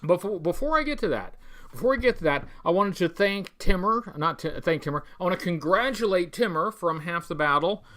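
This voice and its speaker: A man's voice: high voice, expressive, fairly bright tone. A man hosting a live stream, chatting casually and greeting viewers by name, with lots of ums and restarts. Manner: halting, many fillers and restarts. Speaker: toy collecting channel host. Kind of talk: casual livestream chat.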